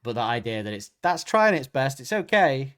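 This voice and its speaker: A man's voice: mid-range voice, very animated, moderate pace, fairly bright tone, clear, resonant tone. A man co-hosting a podcast, chatting casually and rambling, often restarting sentences and searching for words. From Britain. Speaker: podcast co-host. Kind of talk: casual chat.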